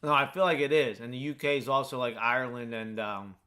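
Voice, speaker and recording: A man's voice: mid-range voice, fairly quick, bright, forceful tone. An American man chatting in a rambling, filler-heavy way while playing a video game. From United States. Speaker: gaming streamer.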